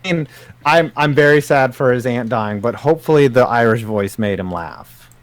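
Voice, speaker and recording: A man's voice: mid-range voice, animated, normal speed, dry recording. A man co-hosting a casual podcast, joking around with crude, loose banter. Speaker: podcast co-host.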